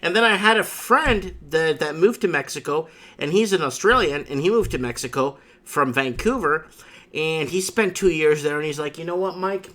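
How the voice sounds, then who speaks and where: A man's voice: a little high, expressive, moderate pace, pushed and bright. A man hosting a livestream, chatting with a caller and telling stories in a rambling, emphatic way with frequent asides. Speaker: livestream host. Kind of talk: casual chat with a caller.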